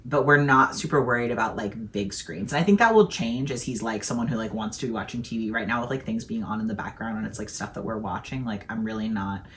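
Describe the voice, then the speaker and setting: A woman's voice: extremely low pitch, fast talker, few pauses, a bit bright, slight background noise. A young woman co-hosting a casual Q&A chat about parenting, slipping in dry joking asides. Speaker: co-host.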